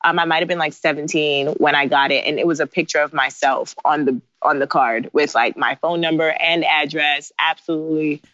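Brief: woman in her thirties, lowish voice, animated storyteller, dry dull recording. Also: normal speed, hardly any pauses, no room sound. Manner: animated, laughing asides, acts out her own past lines. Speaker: guest, bridal designer. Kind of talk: casual interview storytelling. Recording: dry, slightly dull sound.

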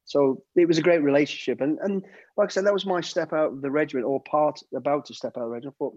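A man's voice: a little high, quick pace, darkish tone, dry recording. Chatty middle-aged man telling stories. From United Kingdom. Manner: rambling, many restarts, acts out quotes. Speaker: former soldier and celebrity bodyguard, guest. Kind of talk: casual storytelling chat. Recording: dull, dry sound.

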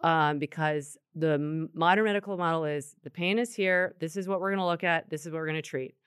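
A woman co-hosting a yoga talk, explaining anatomy in a chatty, animated way. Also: sits low, a little fast, clear, resonant tone, dry recording, clean studio sound. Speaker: yoga co-host answering questions. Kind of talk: casual podcast chat.

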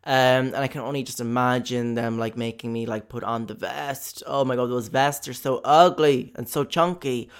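A man's voice: mid-range voice, fairly even intonation, normal speed, few pauses, clean tone. Rambling, profane young Cork man. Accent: Cork Irish. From Ireland. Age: young adult. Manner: rambling, profane, jokey, with lots of fillers. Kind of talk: comedic monologue.

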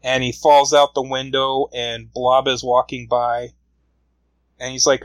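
A man's voice: mid-range voice, little pitch movement, a little slow, dry recording, low-quality recording. A man casually retelling a comic book story, rambling along with frequent fillers.

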